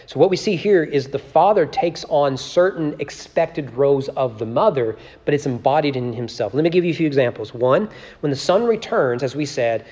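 A man's voice: a little high, lively intonation, normal speed, darkish tone, long reverb tail. Man teaching a church Bible study. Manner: conversational, repeats words and tags lines with "right?"; reads scripture aloud with rising emphasis.

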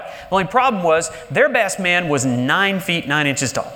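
A man delivers a sermon in a large church with an animated preaching style. His voice sits high and leaps up for emphasis before sinking low and slow. The sound carries a long reverb from the hall. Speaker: pastor.

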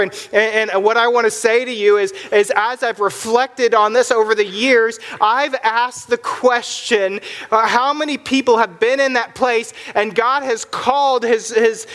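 A man preaching a sermon as pastor, earnest, often repeating words as he presses a point, and dropping low and soft when he tells a personal story.

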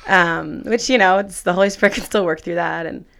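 This young woman recounts a faith story casually and with animation, acting out what people said and sprinkling in many "like"s. Her fairly low voice has vocal fry, and her pace is brisk.

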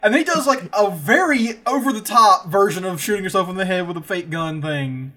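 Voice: medium pitch, expressive, fairly quick, a crowd in the background. A podcast co-host in casual film recap chat, making wry, sardonic asides and swearing casually.

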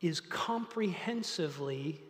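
A man preaching a sermon as pastor, animated and building to loud, emphatic peaks, then dropping low for quiet points. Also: unhurried. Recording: long reverb of a large hall.

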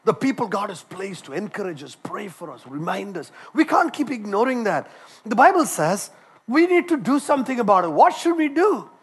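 High-voiced man preaching a sermon. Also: brisk, husky. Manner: animated, repeats words and restarts. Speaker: doctor. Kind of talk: sermon with personal story.

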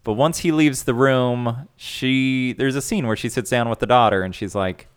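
A man's voice: mid-range voice, moderate pace, clear, resonant tone. A man co-hosting a casual film review chat, recapping the plot with wry asides. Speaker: podcast co-host.

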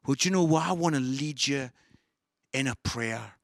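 A man preaching a sermon to an online audience, enthusiastic, shifting from excited outbursts to soft pleading. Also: medium pitch, moderate pace, creaky, no room sound, clean studio sound. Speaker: pastor.

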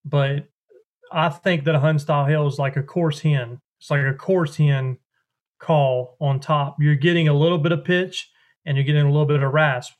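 A man's voice: on the high side, steady tone, normal speed. A man, a duck call maker explaining calling technique in a rambling, folksy way during a podcast interview.

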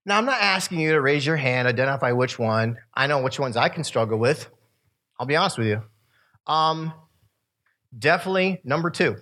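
Here the fifty-something man sounds expressive and brisk, his medium-pitched voice pushed and bright. He tells stories to young people in a sermon-like talk, laughing at his asides and speaking out to the room.

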